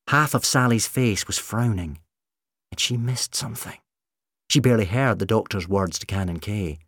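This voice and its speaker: A man narrating a storybook reading in an expressive, measured way. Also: fairly low pitch, no room sound, studio quality.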